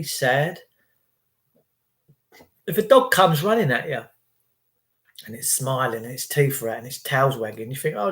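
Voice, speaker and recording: A man hosting his own channel, talking in a casual, opinionated monologue. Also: mid-range voice. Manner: chatty, quotes people in their own voices. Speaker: channel host.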